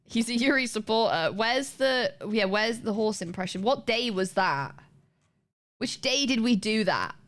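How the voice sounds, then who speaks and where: A woman's voice: mid-range voice, a bit bright. A woman streamer chatting casually and laughing as she reacts to clips. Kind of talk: casual live-stream chat.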